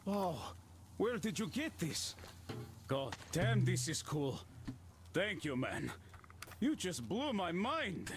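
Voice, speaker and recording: An actor playing an amazed, grateful man in a video game, speaking slowly. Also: sits high, big pitch swings, slight background noise, full character voice. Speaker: game character.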